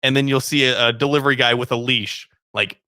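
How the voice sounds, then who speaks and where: Young guy, bright tense voice, jokey and giggly, trips on his words a lot. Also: medium pitch, fairly even intonation, a little fast, dry recording, studio quality. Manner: joking, laughs often, stumbles over words. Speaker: co-host. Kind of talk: casual chat.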